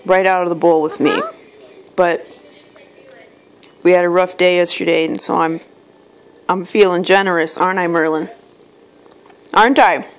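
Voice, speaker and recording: A woman chatting casually and affectionately to her pet bird on camera, coaxing and praising it in a soft voice. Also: fairly low pitch, steady tone, moderate pace, pauses often. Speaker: pet owner vlogger.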